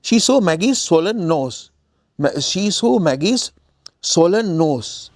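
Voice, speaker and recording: A man's voice: sits high, expressive, slow pace, dry recording, studio quality. A man with a Sri Lankan accent teaching a spoken English lesson, explaining words through repetition and acted-out lines.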